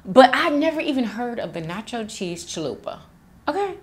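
Animated, chatty young woman vlogger. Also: fairly high pitch, normal speed. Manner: chatty, animated, calls viewers girl and y'all. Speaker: mukbang host. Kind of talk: casual chat reading viewer comments.

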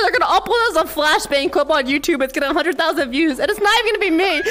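A young woman streaming live, chatting casually with her viewers and often breaking into shrieking shouts and laughter. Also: high-pitched, expressive, fast talker, hardly any pauses, heavy background noise. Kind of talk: casual livestream chat.

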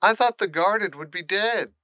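A man voicing a relieved middle-aged father in an audiobook, speaking gently and with wonder. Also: sits high, normal speed, no room sound, clean studio sound, pitched above the performer's own voice. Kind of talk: audiobook character reading.

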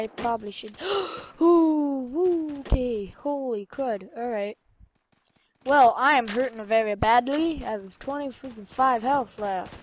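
A young woman giving casual commentary while playing a shooter game, excitable and often muttering to herself. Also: high voice, slow pace, a little hiss or hum. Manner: excitable, swears mildly, trails off into mumbling. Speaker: gamer. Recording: faint game gunfire behind.

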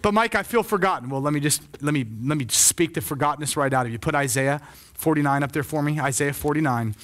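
Male preacher with a high voice, impassioned sermon delivery that rises and falls. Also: fairly even intonation, quick pace. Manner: impassioned preaching, swells loud then drops soft. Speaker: pastor.

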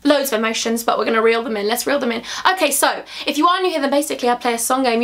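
A woman's voice: fairly high pitch, racing, hardly any pauses, fairly bright tone. A young woman chatting to camera as a beauty vlogger, gushing and affectionate as she talks through her makeup. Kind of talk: casual makeup chat to camera.

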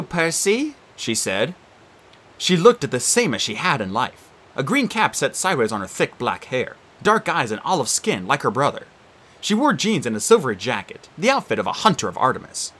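Animated, bright-voiced male storyteller. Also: mid-range voice, husky. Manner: expressive, animated reading. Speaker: audiobook narrator. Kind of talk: storybook narration.

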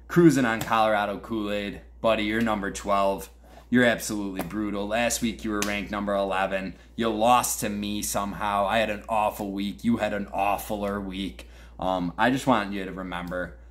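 A young man with a Western New York accent hosts a podcast, trash-talking his fantasy football league in a crude, mock-angry rant. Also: on the low side. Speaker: podcast host.

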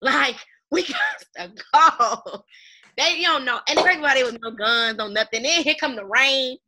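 A woman hosting a casual TV recap chat with a friend, animated and slangy. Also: high-pitched, moderate pace, slight background noise. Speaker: YouTube channel host.

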